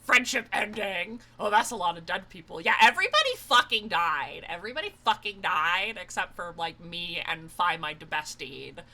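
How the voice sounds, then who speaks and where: A young woman streaming a game, excitable and loud, swearing, laughing and screaming as she plays. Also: fairly low pitch, moderate pace, hardly any pauses. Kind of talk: let's play commentary.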